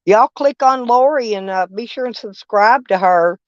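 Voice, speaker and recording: A woman's voice: on the high side, moderate pace, no room sound. An older woman, chatting casually with live-stream viewers in a rambling, folksy, blunt way with frequent swearing. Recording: dull, dry lo-fi stream audio.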